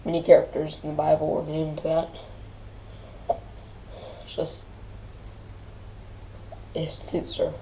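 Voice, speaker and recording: Woman host, grieving, near tears, low pitched and flat, halting speech. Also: slight background noise, rough recording. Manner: halting, restarting often, trailing off. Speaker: channel host. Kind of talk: personal grieving vlog.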